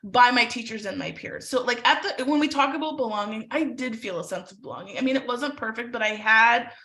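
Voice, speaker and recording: A middle-aged woman from Canada tells a story to a webinar audience with a high, bright voice. She brings the story to life by acting out the people in it. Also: brisk. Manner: animated storyteller who acts out voices. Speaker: webinar presenter.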